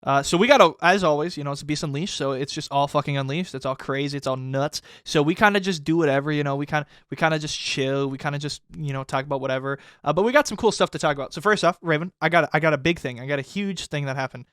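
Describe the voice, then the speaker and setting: A man's voice: on the high side, fast, hardly any pauses, a bit bright, clear, resonant tone, dry recording, studio quality. Swearing, rambling young man host. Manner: rambling, swears heavily, gets worked up when ranting. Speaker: podcast host. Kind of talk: casual podcast chat.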